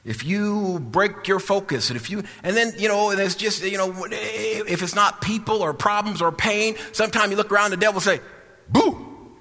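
A man preaching a sermon in a church, repeating and restarting his phrases for emphasis, with a sing-song cadence and calls for a louder amen. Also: sits high, moderate pace, hardly any pauses, long reverb tail, faint music behind. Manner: repetitive, emphatic, with frequent restarts. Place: church sanctuary.

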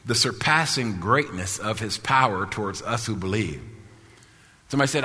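A male preacher, preaching a sermon in a shouting, sing-song style with bursts of laughter. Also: on the low side, sing-song, fairly quick, slightly rough, big-room sound.

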